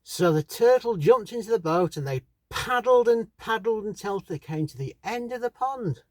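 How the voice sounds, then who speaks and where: A man reading a children's story aloud in a slow, expressive storybook manner. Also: high-pitched, dry recording.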